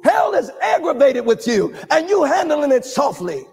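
A man preaching a charismatic sermon, shouting in a sing-song cadence, calling for responses and breaking into tongues. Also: extremely high pitch, big pitch swings, normal speed. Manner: calls for congregation responses.

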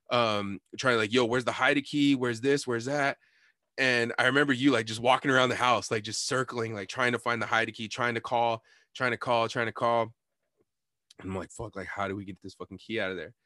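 A man's voice: medium pitch, normal speed, no room sound, studio quality. Young man telling a rowdy story. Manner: animated storytelling, heavy cursing, acts out quotes. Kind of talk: casual podcast chat.

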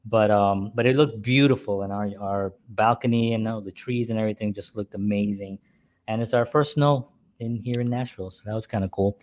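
A man's voice: lowish voice, fairly even intonation, a little fast, a little mellow. A middle-aged man hosting a casual talk show from home, rambling with many fillers and restarts. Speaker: podcast host. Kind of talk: casual chat.

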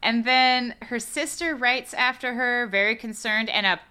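A woman chats casually on a podcast, picking apart a film with sarcasm and frequent laughter. Her voice is bright and forceful. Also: fairly high pitch, fairly even intonation, a little slow, clear, resonant tone. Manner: chatty, sarcastic, laughs often. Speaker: podcast co-host. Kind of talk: casual movie review chat.

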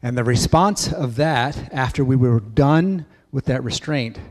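A man telling a story in a sermon at church, lively and acting out voices. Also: mid-range voice, a little slow, long reverb tail. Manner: animated storyteller, acts out kids' voices. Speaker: church speaker.

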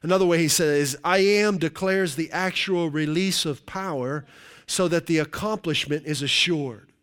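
A middle-aged man delivering a sermon from the pulpit in a somewhat high voice. He preaches in a conversational way and keeps checking in with his listeners with "right?". His tone stays plain and direct. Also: moderate pace, fairly bright tone. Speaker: pastor.

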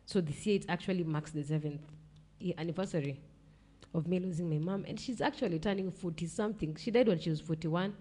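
A young woman with a Kenyan accent speaks low and mellow. She tells a painful family story in blunt, slangy talk and sounds close to tears. Her voice stays dark and soft. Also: fast talker, husky. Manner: mixes English and Swahili slang, blunt, swears. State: emotional, near tears. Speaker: podcast guest. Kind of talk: emotional personal storytelling.

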